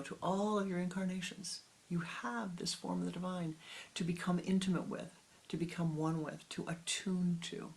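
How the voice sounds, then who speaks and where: A spiritual teacher giving a meditative sermon, speaking slowly and softly, often sinking into a whisper, with long pauses. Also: mid-range voice, little pitch movement, gravelly. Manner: slow, soft, often dropping into whispers; unhurried with long pauses, halting restarts.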